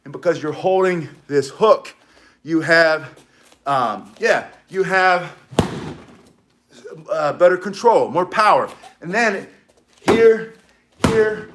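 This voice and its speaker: A slightly hoarse man teaching self-defense to a live group, excitable and rambling as he demonstrates. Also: sits high, background noise.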